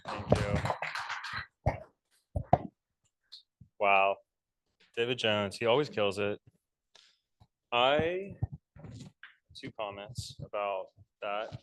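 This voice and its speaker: A man takes over as toastmaster, relaxed and joking as he comments. He talks very slowly, and his voice is deep. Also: clear, resonant tone, no echo. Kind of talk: club meeting hosting.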